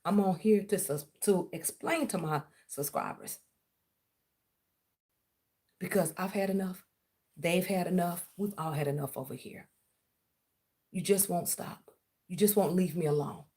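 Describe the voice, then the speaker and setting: A woman's voice: fairly low pitch, a little slow, long pauses, mellow. A woman hosting her own tarot channel who speaks, confronting a former client in a blunt, confrontational livestream rant full of swearing. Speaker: tarot reader and channel host. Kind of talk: heated livestream rant to viewers.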